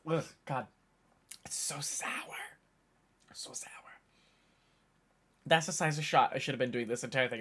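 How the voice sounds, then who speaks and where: A man's voice: medium pitch, a bit bright. Streamer, mid-twenties male, loose rambling chat, voice frayed from a long day of talking. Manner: rambling, chatty, thinks aloud. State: tired, voice worn from hours of talking. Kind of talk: casual live-stream chat.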